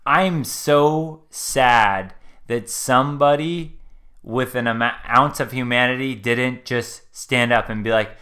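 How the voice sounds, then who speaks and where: A man's voice: mid-range voice, takes it slowly, pushed and bright. A man hosting a live stream, talking casually and earnestly as he reacts to a video clip, rambling and trailing off. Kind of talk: casual commentary.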